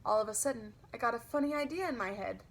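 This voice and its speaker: Female children's audiobook narrator, lively childlike delivery, slightly high voice. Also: quick pace.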